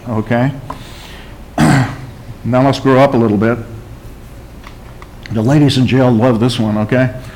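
A man's voice: medium pitch, fairly even intonation, a little slow, long pauses, a little mellow, slight background noise, poor audio. A man preaching a sermon, asking rhetorical questions, calling out for an amen and telling stories to his congregation. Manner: emphatic preaching, calls for amen and tells stories. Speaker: pastor.

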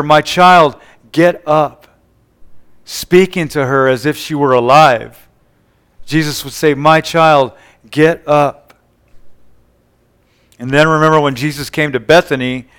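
A man's voice: a little high, a bit bright, clear, resonant tone. A man preaching a sermon, retelling scripture scenes with quoted dialogue and frequent call-and-response asides.

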